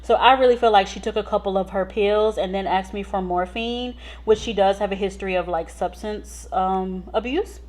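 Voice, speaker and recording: A woman nurse telling patient stories in a casual vlog, chatty and animated, full of "like" and "so". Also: medium pitch, moderate pace, few pauses. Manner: chatty, animated retelling with lots of "like" and "so".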